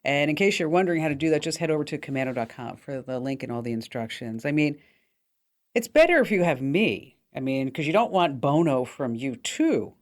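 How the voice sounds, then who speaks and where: A woman's voice: deep voice, sing-song, fairly quick. A woman hosting a tech call-in radio show, talking in a chatty, upbeat way with plenty of fillers. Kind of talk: casual call-in radio talk.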